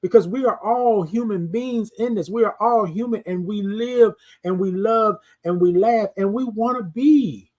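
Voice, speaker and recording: A middle-aged man speaks in a slightly higher voice, preaching about self-worth on his morning live stream. He repeats his phrases like a sermon and stops to greet viewers in the chat. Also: a little slow, hardly any pauses, darkish tone. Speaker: host of a morning live show. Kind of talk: motivational live-stream talk.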